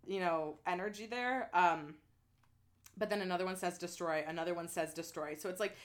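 A young woman in casual chat who gushes through a story, piling on "like" and the odd swear word. She is lively and informal, often jumping in with asides. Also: lowish voice, brisk. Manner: animated, chatty, heavy use of "like" and swearing. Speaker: book fan retelling a plot.

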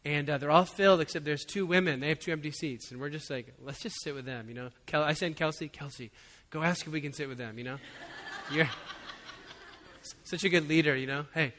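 A man preaching as a pastor, telling a personal story in a relaxed, conversational way with frequent chuckles. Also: on the high side, fairly quick, a little hiss or hum. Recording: long hall reverb.

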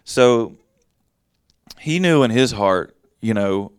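A man with a low, resonant voice leads a casual Bible teaching. He reads a passage, then explains it in plain everyday words. The sound is dry and close, with almost no room around it. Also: expressive, slow pace, clear, resonant tone, no room sound. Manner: conversational, reads verses then explains them in plain talk.

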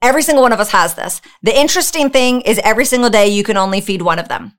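Woman podcast host, fairly high voice, fired-up motivational monologue with a preacher's edge. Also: very fast. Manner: energetic, preachy, talks straight to the listener with rhetorical questions.

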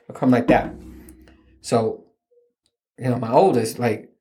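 A man's voice: mid-range voice, takes it slowly, warm tone. A man in his thirties hosting a podcast, telling rambling, self-mocking stories about his kids in a casual, profane, joking way. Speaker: podcast host. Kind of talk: casual comedic storytelling.

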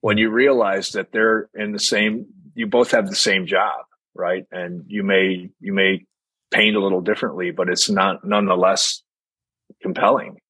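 A man's voice: deep voice, little pitch movement, normal speed, pushed and bright, breathy edge, dry recording. A middle-aged man, a guest drummer in a casual interview, telling candid stories with frequent laughs. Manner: candid storyteller, laughs often, acts out quotes.

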